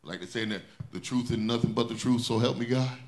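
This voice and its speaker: A man's voice: mid-range voice, quick pace. A male pastor preaching a sermon, building intensity through repeated refrains.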